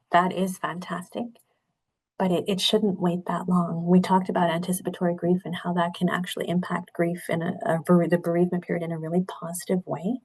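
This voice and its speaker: Low, gravelly middle-aged woman presenter. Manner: earnest, candid, reflective. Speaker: webinar presenter, nurse. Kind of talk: webinar talk.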